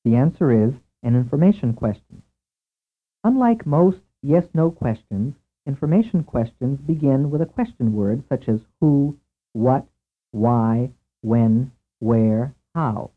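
A man narrating a scripted language lesson in a measured way, asking questions and then giving the answers. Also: mid-range voice, animated. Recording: tinny lo-fi tape over a narrow band.

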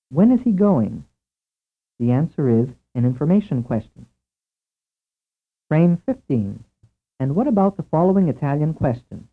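A man narrating a scripted language lesson in a measured way, asking questions and then giving the answers. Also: a little high. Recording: tinny lo-fi tape over a narrow band.

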